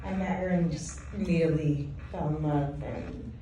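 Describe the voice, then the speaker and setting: Low-voiced godmother giving a toast. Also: moderate pace. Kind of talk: affectionate party toast. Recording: echoey hall, far mic, noise.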